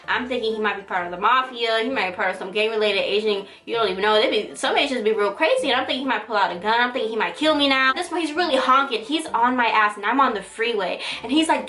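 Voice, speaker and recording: Young woman vlogger, bright and high, animated slangy storyteller, echoey room with faint music. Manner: animated, slangy, dramatic retelling with quick pitch jumps. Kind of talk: casual storytime.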